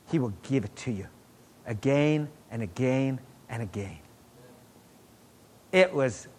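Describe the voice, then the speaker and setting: In a mid-range voice, a middle-aged preacher recounts his own testimony during a sermon. He moves with animation from loud exclamations to quiet, hushed asides.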